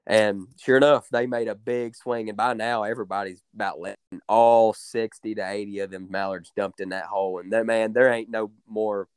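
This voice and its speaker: Young man, duck guide type, low smooth voice, dry close sound, excited drawling storyteller. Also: normal speed, hardly any pauses, no echo. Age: young adult. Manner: drawling, excited, many fillers and repeats. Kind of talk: casual storytelling.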